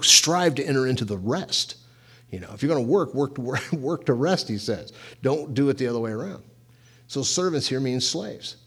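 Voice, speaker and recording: A man's voice: medium pitch, fairly bright tone, husky. A man preaching a sermon, telling personal stories in a loose, chatty way and laughing often. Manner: casual storytelling, laughs often.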